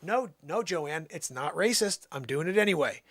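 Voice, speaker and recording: Livestream host, male, animated and high-pitched, casual and defensive. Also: moderate pace, no echo, clean studio sound. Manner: defensive, rambling, talks to chat.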